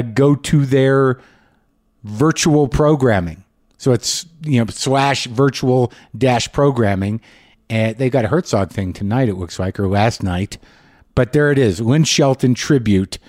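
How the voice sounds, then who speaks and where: A man from New Mexico hosting a show, talking in a candid, rambling way with halting restarts and a grieving, reflective tone. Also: mid-range voice, darkish tone, dry recording, studio quality. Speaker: podcast host. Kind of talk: casual monologue.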